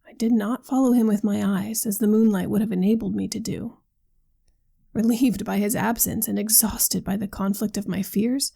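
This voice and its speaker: A woman reads a classic novel aloud for a podcast, steady and formal. Her voice is husky and gravelly, with a dark, mellow tone. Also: medium pitch. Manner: measured, formal delivery. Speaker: podcast reader. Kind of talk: audiobook reading of a classic novel.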